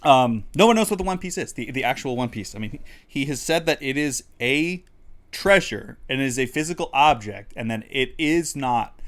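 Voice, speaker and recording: A man's voice: medium pitch, animated, moderate pace, fairly bright tone. A man co-hosting a livestreamed talk show, chatting casually with lots of fillers and frequent laughter. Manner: rambling, laughs often, many fillers. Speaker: podcast co-host. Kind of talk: casual chat. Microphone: studio mic on a livestream.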